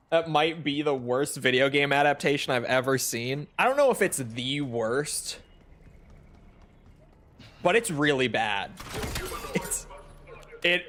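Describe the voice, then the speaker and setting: A man's voice: on the high side, a bit bright. A man giving casual gameplay commentary, chatty and rambling, often correcting himself mid-sentence. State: has the hiccups. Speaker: gaming streamer.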